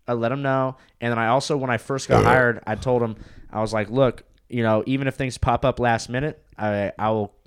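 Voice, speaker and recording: A man's voice: mid-range voice, steady tone, fairly quick, clear, resonant tone. A man guesting as a comedian on a podcast, laid-back in casual chat, swearing and saying "dude" and "bro".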